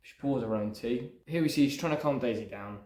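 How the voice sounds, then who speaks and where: A man with a brisk, mid-range, darkish voice hosts his channel and breaks down the movie script he's working on. He's casual and rambling, constantly saying "sort of" and "you know," and the audio echoes as if in a large room.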